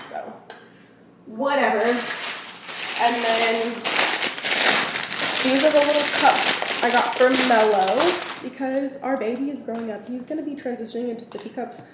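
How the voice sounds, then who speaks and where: A young woman chats through a home shopping haul as a mother, wandering off-topic with filler words. Her voice sits a little high. The camera is set down a few steps away in a very echoey room with steady background noise. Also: measured pace, long pauses, far from the mic. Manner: chatty and rambling, lots of "like". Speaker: vlogger, mother. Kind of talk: casual haul vlog. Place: at home, indoors. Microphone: camera set down nearby. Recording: very echoey room, off-mic, noisy.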